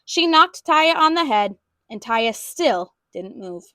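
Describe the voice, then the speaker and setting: A woman reading a children's storybook aloud in an expressive way. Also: on the high side, takes it slowly, dry recording, clean studio sound. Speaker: storybook reader.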